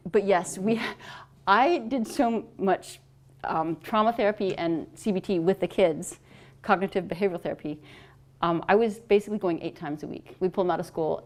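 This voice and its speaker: Middle-aged woman author, animated and chatty, quick to laugh. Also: fairly low pitch. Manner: animated storyteller, laughs often. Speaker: author and adoptive mother. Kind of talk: casual talk answering questions.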